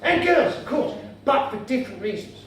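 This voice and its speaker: A man's voice: extremely high pitch, big pitch swings, normal speed, recorded from a distance. A man doing stand-up comedy in a pompous, mock-formal, dandyish manner, in a comedy venue before a live audience. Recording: echoey room heard from afar, noisy.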